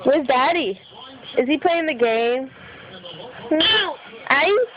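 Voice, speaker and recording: A woman's voice: high voice, lively intonation, extremely slow, highs cut off. A mother at home filming her baby on a phone, coaxing in sing-song baby talk and laughing often. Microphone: phone camera.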